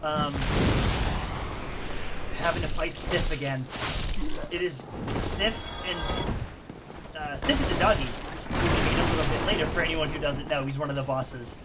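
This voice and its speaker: A woman's voice: low voice, measured pace, long pauses, heavy background noise. A woman streamer giving rambling, self-deprecating commentary while she plays a game, laughing often. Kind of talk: casual let's-play commentary.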